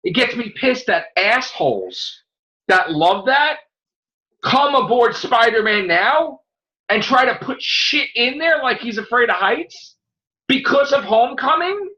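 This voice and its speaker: Brief: New man, host, animated profane rants, bright lively voice, big swings in pitch. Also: measured pace, muffled recording. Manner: excitable, profane ranting. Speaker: show host. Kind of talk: casual podcast chat.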